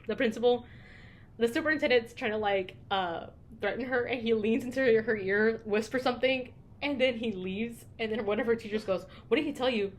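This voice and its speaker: A woman's voice: on the high side, fairly quick, slight background noise. A young woman co-hosting a podcast, telling candid stories in casual chat and swearing freely. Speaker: podcast co-host.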